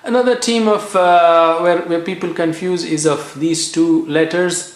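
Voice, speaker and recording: A man teaching tajweed, slowly repeating each letter sound and checking in with "okay" as he drills pronunciation. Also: fairly high pitch. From India. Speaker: Quran recitation teacher. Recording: echoey room.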